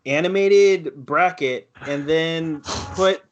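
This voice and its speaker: A male regular on a gaming podcast, chatting casually and venting in a wry, exasperated way. His voice sits a little high, and the audio is dull and lo-fi. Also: slow. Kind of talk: casual chat.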